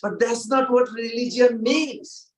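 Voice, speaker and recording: A man teaching a devotional class in a temple, animated and asking the audience questions. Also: extremely high pitch, unhurried, roomy sound, far from the mic, low-quality recording. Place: temple hall, indoors.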